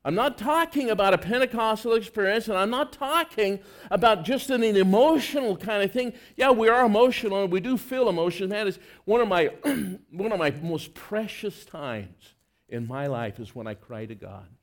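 Earnest and conversational, this man preaches in a strikingly high voice at a moderate pace, his intonation lively. Forceful, emphatic lines give way to quiet, low passages.

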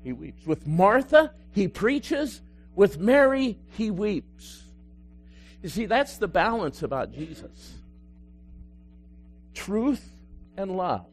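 Man, pastor, sermon, high-pitched, loud-then-hushed delivery. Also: big pitch swings, slow pace, long pauses. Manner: dynamic preaching, swinging between loud emphasis and hushed tones.

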